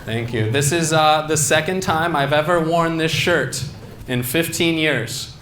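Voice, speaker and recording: A man's voice: a little high, fairly bright tone. Young male comic on an echoey stage. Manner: self-deprecating, quick, laughing asides. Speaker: stand-up comedian. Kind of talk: stand-up comedy set. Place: convention stage. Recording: echoey hall with ambient noise.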